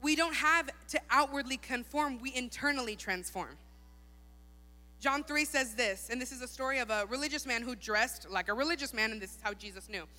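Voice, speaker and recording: A woman's voice: fairly high pitch, brisk, sharp tone. A young woman preaching a sermon in a church hall, casual and chatty. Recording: long hall reverb.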